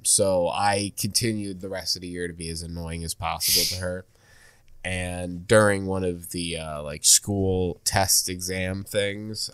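A man's voice: sits low, fairly bright tone, clean tone. A young man in casual chat, blunt and swearing as he tells a school story. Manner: blunt, swears, dry telling.

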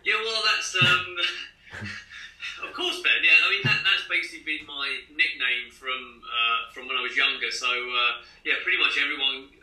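Over a roomy, distant-sounding video call, a Scottish man in his thirties chats as a runner guest in an interview. His medium-pitched voice moves at a normal speed with a bright, forceful tone, and he laughs easily.

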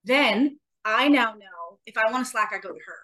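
A woman's voice: fairly high pitch, lively intonation, normal speed, bright, forceful tone. A woman co-hosting a sports podcast in casual chat, talking earnestly and motivationally, repeating phrases for emphasis. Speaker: podcast co-host and athlete.

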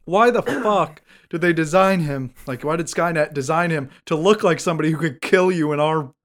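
A man's voice: a little high, moderate pace, a bit bright. A young man co-hosting a podcast, talking in an easygoing, rambling, joking way. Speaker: podcast co-host. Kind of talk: casual chat.

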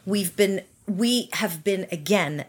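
A woman's voice: medium pitch, slow, slightly rough. A woman guest on a podcast, speaking passionately and animatedly in a casual conversation, often laughing.

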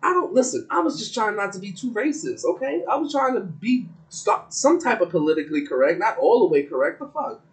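A man in casual co-host chat with a swooping, very lively voice. He talks loud, profane and joking throughout. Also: sits high, fairly quick, few pauses, rough recording.

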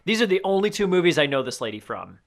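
A man co-hosts a podcast and recaps a film in loose, halting chat. His voice sits a little high, and he pauses often to search for words. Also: very animated. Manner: rambling, halting recaps with many fillers. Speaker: podcast co-host. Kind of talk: casual movie recap chat.

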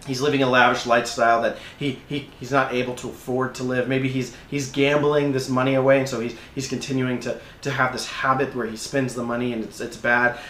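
Man, pastor, sermon, storytelling, repeats words, mid pitch, reverberant hall. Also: flat delivery, a little fast, few pauses, fairly bright tone, slight background noise. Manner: storytelling, acting out scenes, frequent restarts.

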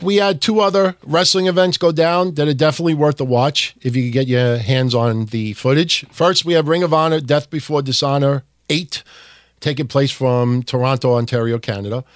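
A man hosting a casual wrestling history podcast, reading with mock enthusiasm and dropping into deadpan asides. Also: on the high side, no echo, clean studio sound. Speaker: podcast host.

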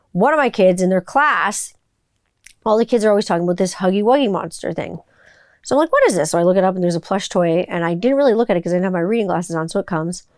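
A woman's voice: lowish voice, dry recording, clean studio sound. A woman in her forties, chatting casually as a podcast host, rambling through stories and swearing freely. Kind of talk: casual chat.

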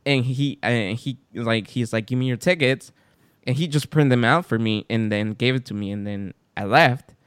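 A man hosting a podcast in casual chat, telling a story with lively acted-out quotes. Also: moderate pace, clear, resonant tone, no room sound, studio quality. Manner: animated storyteller, acts out quotes with big pitch jumps. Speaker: podcast host.

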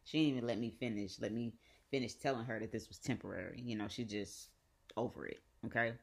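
A woman with a Southern US accent, hosting a podcast and telling a personal story in a profane, animated way with repeated phrases. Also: a bass voice, quick pace, gravelly. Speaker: podcast host. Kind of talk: casual storytelling.

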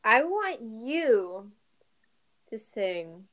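A podcast co-host speaking in a slow, low-key, teasing way during casual chat. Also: very animated, a bit bright.

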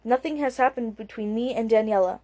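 A weary husband protests his innocence with rising disbelief, as a female narrator reads him. The voice stays fairly high and mellow. He has the tone of a tired man who is cornered. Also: a little fast, lightly acted. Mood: defensive. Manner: defensive, incredulous. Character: exhausted husband, middle-aged man, defensive.

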